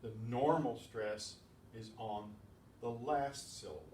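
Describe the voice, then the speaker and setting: A slow, slightly mellow, medium-pitched man's voice guides beginners through Spanish rules, methodical but sprinkled with chatty asides. It's a classroom lesson captured by a distant mic in an echoey room, with faint ambience and a little hiss or hum.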